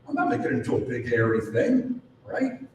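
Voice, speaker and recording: A man leads a live sales training seminar for an audience, punchy and packed with rhetorical questions. His mid-range, slightly mellow voice swoops wildly in pitch and runs a little fast, captured by a distant mic in a very echoey large room with background noise.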